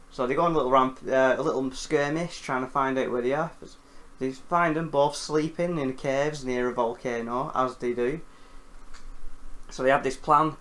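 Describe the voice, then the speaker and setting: A man hosting a casual film recap, animated and jokey, with casual swearing. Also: mid-range voice, moderate pace. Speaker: film reviewer host.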